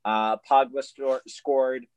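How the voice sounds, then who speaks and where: A man's voice: medium pitch, flat delivery, slow pace, darkish tone, clean tone. A man co-hosting a casual sports podcast, rambling and joking with frequent laughs.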